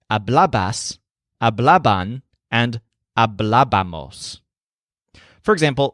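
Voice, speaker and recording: A man's voice: mid-range voice, fairly bright tone, no echo. Man narrating a language lesson, dry sound. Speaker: language teacher.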